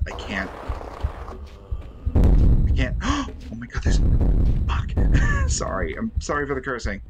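A man's voice: mid-range voice, huge pitch swings, moderate pace, pauses often, very noisy. A young man streaming a video game, groaning, sighing and swearing in frustration as he plays. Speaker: gaming streamer. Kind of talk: frustrated let's-play commentary. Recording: game music loud behind voice.

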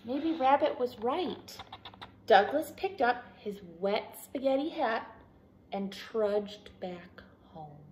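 A woman from a school staff reading a picture book aloud to children in an expressive, animated way. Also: fairly high pitch, takes it slowly, lo-fi sound, a little hiss or hum.

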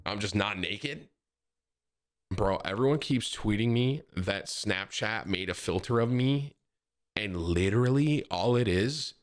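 A man in his thirties chatting casually and jokingly to his live-stream audience, dropping "bro" often. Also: lowish voice. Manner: loud, joking, says bro a lot.

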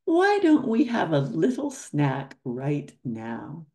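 A woman reading aloud as a cheerful young boy who leads his friends at play, in her own slow, gravelly storybook voice. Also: low-pitched, huge pitch swings, a little mellow, full character voice.

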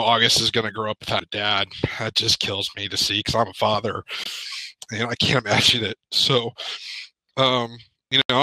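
A man in a podcast video call, talking haltingly with many pauses and fillers, choked up with emotion. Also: mid-range voice, bright, forceful tone, dry recording, poor audio. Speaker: podcast panelist. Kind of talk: emotional casual chat. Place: home.

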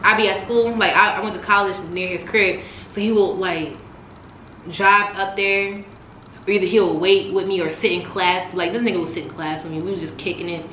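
A young woman telling a story about her past in a casual, animated way, cursing and swinging between loud outbursts and hushed asides. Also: fairly low pitch, normal speed. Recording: echoey room with noise.

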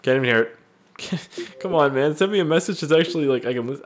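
A man reading fan voice messages aloud and reacting with loud, profane jokes in a casual gaming video. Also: a little high, lively intonation, a little fast. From Canada. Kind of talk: casual gaming vlog commentary.

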